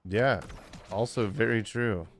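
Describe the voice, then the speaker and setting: A man's voice: lowish voice, takes it slowly, a little hiss or hum. A man in his forties, tired, chatting casually and rambling with lots of fillers while streaming a game. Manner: rambling, many fillers, chuckling often. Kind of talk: casual gaming livestream chat.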